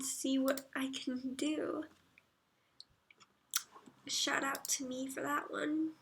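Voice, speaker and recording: A woman livestreaming, chatting casually, reading viewer comments aloud and murmuring soft asides. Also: high voice, level tone, slow, gravelly, pauses often, slight background noise.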